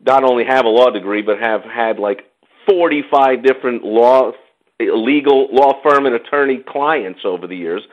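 A man hosting a talk show, telling stories in a lively, chatty way and acting out other people's voices when he quotes them. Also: mid-range voice, normal speed, highs cut off. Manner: animated storytelling, mimics others in quotes. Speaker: podcast host. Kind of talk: casual chat.

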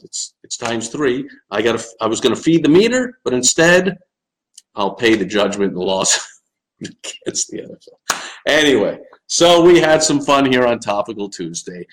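A man's voice: lowish voice, a little hiss or hum, rough recording. A middle-aged man with a Long Island New York accent, hosting a live-stream show, ranting sarcastically and answering viewers' comments. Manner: animated, sarcastic, swings into loud mocking asides.

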